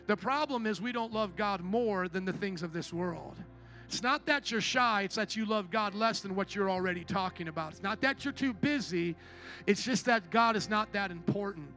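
A man's voice: high voice, moderate pace, pushed and bright, faint music behind. A man preaching a sermon as pastor, emphatic and rhetorical, calling out to his congregation for responses.

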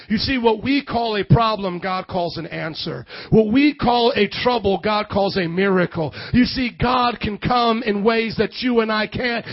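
A man preaching a lively sermon in a church, shifting between loud shouts and quiet passages. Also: high voice, unhurried, few pauses, no room sound, highs cut off. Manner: energetic, swings from shouting to hushed. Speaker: pastor.

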